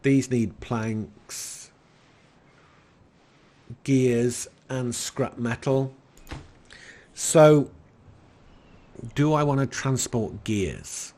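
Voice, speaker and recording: Slow, soothing English man. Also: medium pitch. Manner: soft, soothing, unhurried. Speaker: game commentator. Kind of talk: relaxed let's-play commentary.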